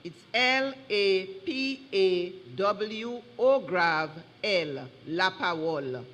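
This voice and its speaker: Slow, deliberate spelling bee pronouncer. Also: female voice, medium pitch, expressive, fairly bright tone. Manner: slow and deliberate, drawing out each word. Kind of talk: reading words and correcting spellings. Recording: long hall reverb.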